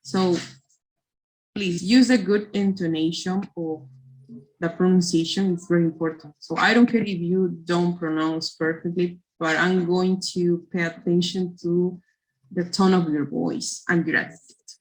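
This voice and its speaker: Slow-talking woman teaching English. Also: fairly low pitch, steady tone, rough recording. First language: Spanish. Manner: slow, repetitive explaining with frequent "okay". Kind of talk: classroom instructions.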